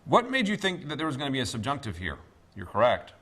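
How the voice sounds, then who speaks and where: A man teaching a classroom Greek lesson, speaking deliberately with many pauses and fillers. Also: medium pitch, huge pitch swings, fairly bright tone. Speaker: seminary professor.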